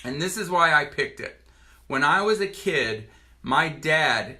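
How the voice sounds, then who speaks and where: A man in his forties from Virginia, a doctor giving a personal testimonial to camera in an earnest, halting way with many restarts. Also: on the high side, animated, pushed and bright. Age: 40s.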